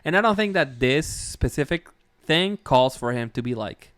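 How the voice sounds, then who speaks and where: A man's voice: mid-range voice, lively intonation, moderate pace, a bit bright, no echo, studio quality. A man hosting a wrestling podcast in loose, casual chat, with lots of fillers and frequent laughs. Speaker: podcast host.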